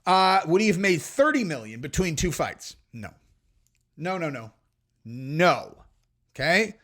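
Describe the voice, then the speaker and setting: A man hosting a podcast, telling stories and commenting in a brash, animated, profane way. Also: fairly high pitch, measured pace. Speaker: podcast host.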